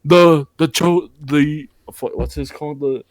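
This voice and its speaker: A man doing a booming, boastful wrestling star. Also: fairly even intonation, slow pace, dry recording. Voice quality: booming, repeats the listener's name. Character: boastful male wrestling superstar, adult.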